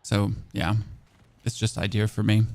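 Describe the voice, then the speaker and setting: A man's voice: fairly low pitch, flat delivery, measured pace, a little mellow, no room sound, faint music behind. A German man with a German accent, a streamer giving casual gameplay commentary and answering chat in a chatty, self-mocking way with many fillers.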